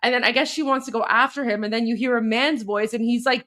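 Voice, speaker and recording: A woman hosting a live stream, commenting excitedly and rambling with lots of fillers and restarts. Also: a little high, fairly quick, hardly any pauses. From Iran. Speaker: host.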